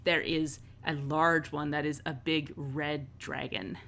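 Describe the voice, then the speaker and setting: A woman's voice: low-pitched, level tone, slow, fairly bright tone. A woman narrating as game master in a tabletop game, in a loose, filler-heavy way.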